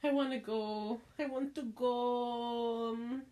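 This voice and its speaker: A woman's voice: fairly high pitch, fairly even intonation, slow pace, warm tone. A young woman in casual chat, giggly and blunt, swearing a lot and saying "like" often.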